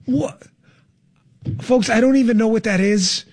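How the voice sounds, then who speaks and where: A man's voice: very high-pitched, measured pace, darkish tone, a little hiss or hum. A male radio talk show host delivering political commentary in a sarcastic, incredulous rant. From Florida resident.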